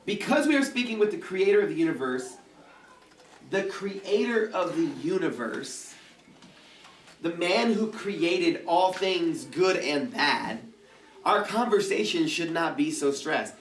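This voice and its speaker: Man, youth pastor, casual joking sermon, acts out prayers, slightly high voice, distant mic, echoey hall. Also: expressive, measured pace, a little hiss or hum. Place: church youth service room.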